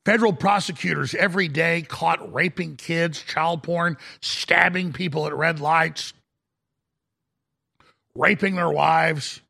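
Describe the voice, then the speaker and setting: A middle-aged man hosting a talk show, delivering an aggressive, shouting rant in a raspy voice. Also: on the high side, slow pace. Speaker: radio talk show host. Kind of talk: ranting talk-show monologue.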